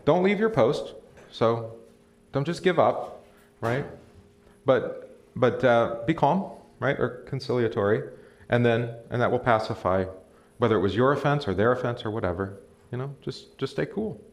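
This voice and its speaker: Speaking at a moderate pace in a medium-pitched voice, a man teaches a relaxed Bible study as pastor. He talks conversationally to those present, asks them questions, reads scripture aloud and chuckles now and then. A live stream mic captures him in what sounds like a church or classroom.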